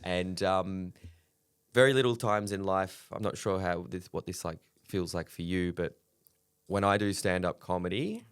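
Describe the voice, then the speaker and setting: A deep-voiced man in his thirties talks candidly in a casual podcast chat, swearing freely and laughing between stories. The recording is close and dry, with no room sound. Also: fairly even intonation, normal speed, smooth, no room sound. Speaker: comedian guest.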